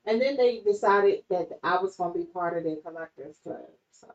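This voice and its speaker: Expressive woman, playful, lively pitch, roomy distant muffled sound. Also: moderate pace. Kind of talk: casual banter.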